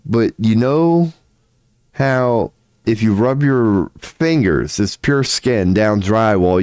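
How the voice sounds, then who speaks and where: A man livestreaming from home, telling a long story in a rambling, animated and profane way, laughing often. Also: lowish voice, no room sound. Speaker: livestream host.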